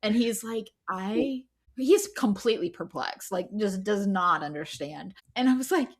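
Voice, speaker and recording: A woman's voice: mid-range voice, expressive, a little slow. A woman co-hosting a podcast, telling a story in casual chat, chatty and full of fillers, often breaking into laughter. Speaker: podcast co-host.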